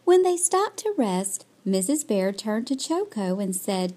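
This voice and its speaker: Lady reading a kids' book aloud, slow, lively pitch, warm mellow tone. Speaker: children's book reader. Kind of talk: storybook read-aloud.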